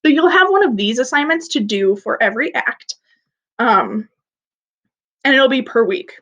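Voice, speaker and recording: A woman's voice: a little high, expressive, normal speed, fairly bright tone, muffled recording. A young woman teaching an English class online in a chatty, playful way, explaining things simply. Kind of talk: recorded online class lesson.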